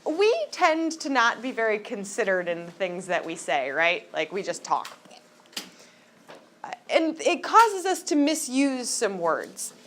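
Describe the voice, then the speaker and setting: A woman lectures her high school class in a classroom, with a fairly high voice that swoops up and down. She teases the students and keeps asking them questions. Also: big pitch swings, takes it slowly, fairly bright tone, a little hiss or hum. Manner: joking, teasing, asks the class questions. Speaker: high school biology teacher.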